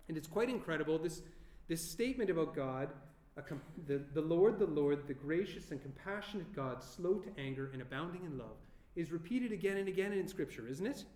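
A man preaching a sermon earnestly, asking rhetorical questions and slowing down with emphatic pauses. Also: a little high, expressive, darkish tone. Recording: echoey room.

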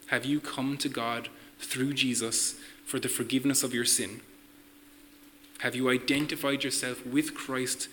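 Male preacher, sermon delivery, bright forceful tone, earnest, faint hiss behind. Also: medium pitch, low-quality recording. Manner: earnest, questions to the listeners.

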